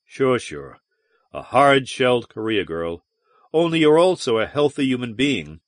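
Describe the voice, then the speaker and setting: A man voicing a weary, brooding male starship captain in an audiobook, in a low, measured delivery. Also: very animated, no room sound, clean studio sound. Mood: teasing.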